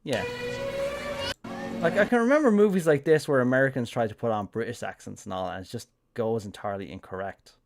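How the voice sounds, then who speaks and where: A man's voice: medium pitch, brisk, soft background music. An Irish man giving casual live-stream commentary on a game, rambling with lots of fillers and self-corrections. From Ireland.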